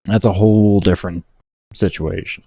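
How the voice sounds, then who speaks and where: A young man streaming a video game, chatting with viewers and swearing loudly at himself when he slips up. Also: low-pitched, moderate pace, dry recording. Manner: swears heavily, rants and berates himself when frustrated; chats with viewers in a relaxed, rambling way. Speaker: gaming streamer. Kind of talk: casual live-stream chat while gaming.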